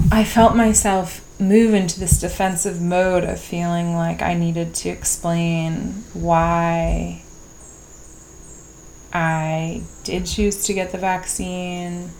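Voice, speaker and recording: Woman talking slow and reflective, kinda low voice, pauses a lot, faint hum in the background. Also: vocal fry, darkish tone. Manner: slow, introspective, with pauses and restarts. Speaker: podcast host. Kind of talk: reflective personal diary monologue.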